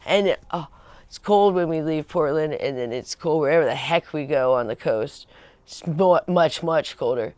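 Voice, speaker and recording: A woman's voice: sits low, normal speed, darkish tone, no echo. A woman hosting a home livestream, chatting in a rambling, casual way, laughing often and acting out the voices of people she quotes. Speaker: livestream host.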